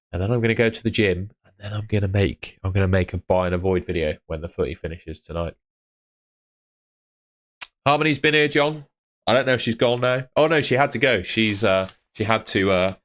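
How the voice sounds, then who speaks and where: A man's voice: low voice, fairly bright tone. A man chatting casually on a live fantasy football stream, rambling and answering viewers by name, tired after a long day. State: tired, yawning.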